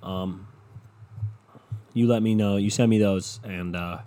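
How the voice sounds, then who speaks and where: Slow, steady, and warm, with fairly low pitch, this man's voice comes through a podcast microphone on his casual solo show. He rambles and curses, pokes fun at himself, and has a runny nose.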